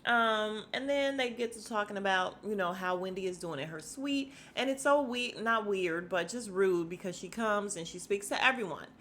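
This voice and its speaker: A woman's voice: medium pitch, a bit bright, slight background noise. Sassy chatty woman recapping a show. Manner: chatty and sassy, mimics people in quick asides. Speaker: podcast host recapping a reality show. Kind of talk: casual recap chat.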